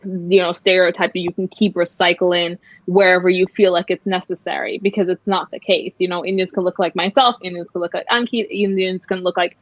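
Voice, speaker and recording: A woman guest in a casual discussion, animated and quick to restart her sentences. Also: fairly low pitch, dry recording. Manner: animated, restarts often, laughs between points. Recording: dull, dry lo-fi sound.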